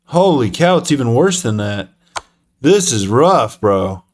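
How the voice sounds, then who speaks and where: Slow-talking young man streaming chess. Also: mid-range voice, sing-song. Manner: self-deprecating, muttering to himself, frequent fillers. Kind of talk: live-stream chess commentary.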